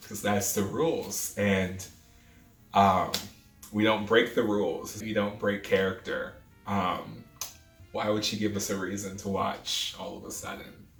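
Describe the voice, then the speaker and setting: A man's voice: fairly low pitch, bright, forceful tone, distant mic. A man in his twenties animatedly retelling a true story, dramatic and full of asides. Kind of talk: storytime vlog. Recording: roomy echo, off-mic, faint music.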